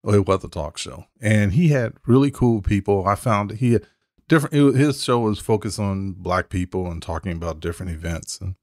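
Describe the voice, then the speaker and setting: An older man hosting a book discussion, speaking thoughtfully and haltingly. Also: fairly low pitch, expressive, darkish tone, dry recording, clean studio sound. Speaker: book club host. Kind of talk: casual chat.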